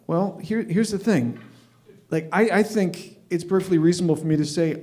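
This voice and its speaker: A man in his fifties telling a story at an open mic, wry and deadpan, often restarting his sentences. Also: high-pitched, moderate pace. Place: stage at an open mic night.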